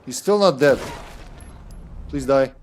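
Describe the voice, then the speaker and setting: A man's voice: medium pitch, animated, slow, background noise. A man streaming a video game, chatting casually and rambling with lots of fillers and restarts. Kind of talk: casual gameplay commentary.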